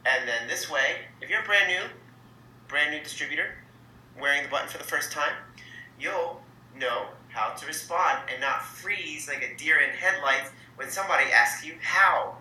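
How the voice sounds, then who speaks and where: A man's voice: fairly high pitch, normal speed, pushed and bright. A man hosting a training lesson, explaining step by step in an upbeat coaching manner and acting out sample exchanges. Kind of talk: instructional talk to camera. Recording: echoey room with faint ambience.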